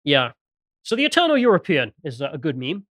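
Quick, sardonic man. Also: fairly high pitch, wildly swooping pitch, a bit bright, dry recording, studio quality. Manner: quick and sardonic, reading out posts with asides. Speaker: podcast co-host presenting the news segment. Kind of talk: casual political podcast chat.

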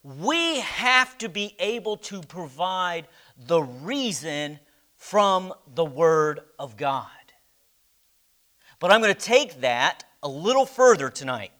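A man's voice: high-pitched, very animated, sharp tone. A man teaching a church Bible class, speaking emphatically, quizzing his listeners and letting phrase ends sink almost to a whisper. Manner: slow, emphatic, asks the class questions.

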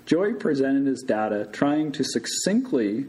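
A man, a surgical resident, telling a true story live to an audience in an unhurried manner. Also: medium pitch, very animated, a little mellow, poor audio.

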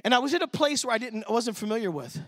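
High-voiced, bright, animated preacher man. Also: racing, dry recording, clean studio sound. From Michigan, USA. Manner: animated, acts out quotes in the story. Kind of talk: sermon with storytelling. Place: church service.

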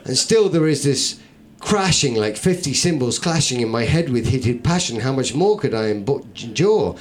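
Brief: male performance poet, middle pitch, theatrical rhythmic delivery, wry comic verse. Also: very animated, normal speed. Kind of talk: comic verse recitation to a live audience.

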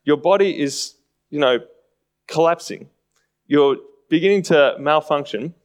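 A man's voice: fairly high pitch, measured pace. A man preaching a sermon in a conversational way, often acting out mocking voices.

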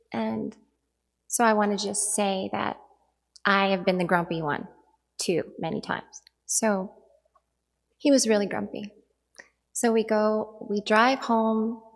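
Husky, gravelly woman giving a dharma talk. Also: mid-range voice. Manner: earnest, reflective storytelling.

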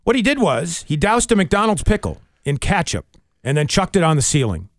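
A man hosting a radio show, reading out local items with animated banter. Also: a little high, normal speed, dry recording, clean studio sound. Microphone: studio microphone.

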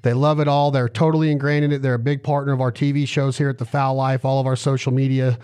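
Energetic man hosting a podcast. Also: mid-range voice, fast talker, clean tone. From Nevada. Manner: energetic, rambling, lists things in runs. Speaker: podcast host. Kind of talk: casual podcast chat.

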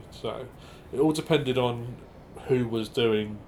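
A man with a middle-of-the-road pitch chats casually as an interview guest. He talks in quick, self-deprecating bursts and often restarts his sentences. A faint hum of background noise sits under his voice. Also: a little mellow. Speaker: improv performer guest.

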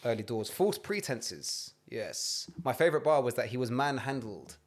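A man's voice: medium pitch, expressive, normal speed. A man, co-hosting a podcast in casual, sardonic banter full of dry asides. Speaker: podcast co-host.

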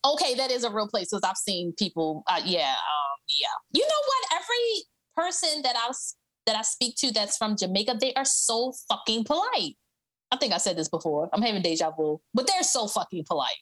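A woman co-hosting a podcast, chatting casually, animated and swearing freely. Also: mid-range voice, a little fast. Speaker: podcast co-host. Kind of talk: casual chat.

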